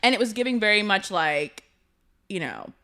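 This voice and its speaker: Bright-voiced chatty young woman host. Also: mid-range voice, normal speed. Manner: chatty, animated storytelling with lots of "like". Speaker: podcast host. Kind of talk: casual chat.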